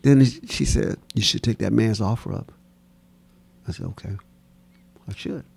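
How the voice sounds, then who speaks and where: A man telling stories as an interview guest, animated and laughing, acting out the voices of people in his stories. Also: on the low side, unhurried, gravelly, husky, no echo. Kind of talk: storytelling in a casual interview.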